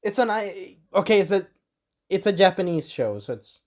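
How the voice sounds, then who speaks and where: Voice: medium pitch, big pitch swings, normal speed. An anime reviewer rambling through an episode recap in casual chat, swearing and acting out quotes.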